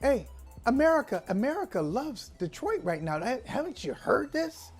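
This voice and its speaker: A man hosting a sports talk show, teasing his co-host in an animated debate. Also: extremely high pitch, moderate pace, soft background music.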